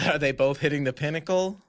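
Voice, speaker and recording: A man on a podcast, asking halting, curious questions in casual chat. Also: a little high, no echo, clean studio sound. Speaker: podcast guest.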